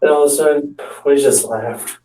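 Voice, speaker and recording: A man with a dark-toned, rather high voice speaks at a normal speed. As an amateur stand-up storyteller, he spins a rambling, comic story about his friends, with restarts and acted-out quotes, captured far from the mic in an echoey room.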